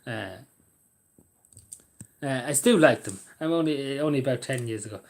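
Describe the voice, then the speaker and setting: A man's voice: mid-range voice, lively intonation, normal speed, vocal fry. Rambling, swearing man. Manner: meandering, swears freely, laughs at own jokes. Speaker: vlogger. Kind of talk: rambling casual live chat.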